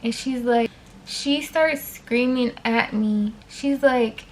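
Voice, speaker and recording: A woman telling a personal story to her viewers in a casual storytime vlog, animated, with frequent fillers and direct asides to them. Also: high voice, unhurried, a little hiss or hum.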